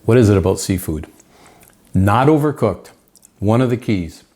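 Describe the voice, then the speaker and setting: In his home kitchen, a man with a lowish, slightly mellow voice hosts a cooking show at a moderate pace, sounding animated. He's chatty and enthusiastic, calling viewers "folks," while a pan sizzles clearly in the background.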